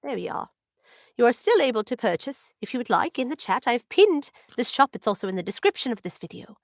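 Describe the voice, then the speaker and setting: A woman's voice: a little high, big pitch swings, fairly quick, no room sound, studio quality. A young adult woman, a voice actor, chatting casually on a livestream, answering fan questions with many ums and giggles.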